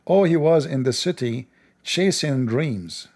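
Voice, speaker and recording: A man's voice: medium pitch, expressive, measured pace, darkish tone. A man hosting a livestream, talking in a sarcastic, mocking way. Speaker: livestream host.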